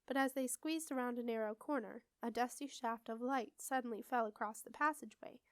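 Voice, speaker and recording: A woman reading a children's fantasy novel aloud in steady, expressive storybook narration. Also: a little high, a little fast, clear, resonant tone, no echo. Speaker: audiobook reader.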